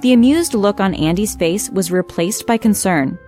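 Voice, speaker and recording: A woman's voice: medium pitch, normal speed, a little mellow, faint music behind. Woman telling a wry story. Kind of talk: scripted first-person story narration.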